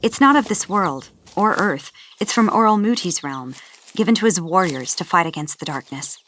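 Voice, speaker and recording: A woman reading the part of a calm, reserved man who patiently and warmly teases his companion in a storybook. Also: on the low side, normal speed, a little hiss or hum. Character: calm reserved man, gently teasing guide.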